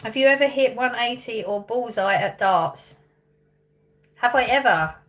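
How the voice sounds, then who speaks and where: A woman's voice: fairly high pitch, expressive, unhurried. A woman in her thirties from England, chatting casually on a livestream, reading out viewer questions, thinking aloud and laughing often. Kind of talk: casual live chat.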